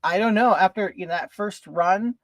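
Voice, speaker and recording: This livestream host is a man with a high-pitched voice, talking at a moderate pace in a dry recording. Doing his makeup at home, he keeps up casual chatter, reads out what viewers write and greets them by name.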